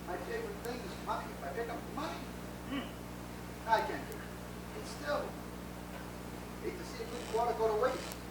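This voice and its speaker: A stand-up comic spins long, folksy jokes and chats with the crowd between them. The voice sits mid-range and is picked up from far away in a very echoey hall, with noise behind it. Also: medium pitch. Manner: folksy storyteller, chatting with audience. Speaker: stand-up comedian. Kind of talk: stand-up joke telling. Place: dinner theater stage. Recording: echoey room from far off, noisy.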